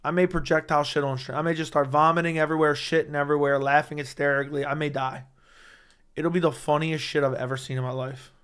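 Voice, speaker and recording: A young man hosting a casual fight-talk livestream, excitable and rambling, swearing often, with a voice he says is going hoarse. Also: a little high, fast talker. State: losing his voice. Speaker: MMA livestream host. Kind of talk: casual livestream chat reading chat.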